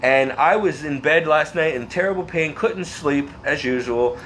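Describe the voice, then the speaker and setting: A man's voice: a little high, moderate pace, a bit bright, a little hiss or hum. Earnest, rambling man telling a faith story. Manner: restarts and repeats words. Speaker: vlogger. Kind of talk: personal faith testimony.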